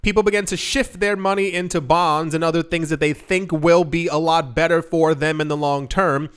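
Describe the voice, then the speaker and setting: A man's voice: on the high side, fairly even intonation, normal speed, a bit bright, smooth. A young man hosting a crypto news show, talking in a loose, rambling way with many asides and self-corrections. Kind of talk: casual news commentary.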